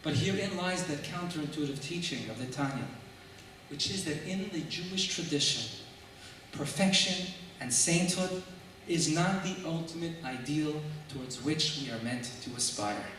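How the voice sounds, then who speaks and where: A man preaching a sermon as a rabbi, telling stories and posing rhetorical questions with measured emphasis. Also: fairly high pitch, animated, pushed and bright, a little hiss or hum. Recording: echoey hall, mic far off.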